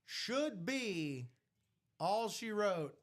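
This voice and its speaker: A man hosting a live sports memorabilia break stream, chatting casually with slangy, animated asides. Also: high-pitched, extremely slow.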